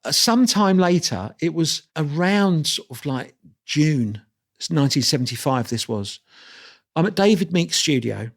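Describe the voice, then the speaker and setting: A man in his sixties, a guest on an interview show, telling lively stories against himself, acting out the voices and laughing as he talks. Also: a little high, unhurried, gravelly. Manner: lively anecdotal storyteller, acts out dialogue; self-deprecating, laughs while talking. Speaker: guest photographer. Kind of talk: storytelling interview.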